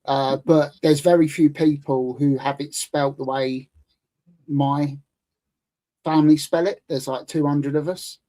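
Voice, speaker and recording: A man's voice: a little high, steady tone, measured pace, warm tone, rough recording. A British man in his thirties, talking as a guest in a loose, chatty way with plenty of fillers. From United Kingdom. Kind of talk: casual chat.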